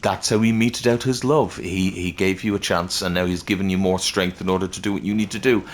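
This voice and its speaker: A man's voice: sits low, steady tone, a little fast, slight background noise. A man doing a gushing zealot spider-creature. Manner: gushing, devout, overly friendly. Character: zealous, cheerfully deluded male spider-creature servant.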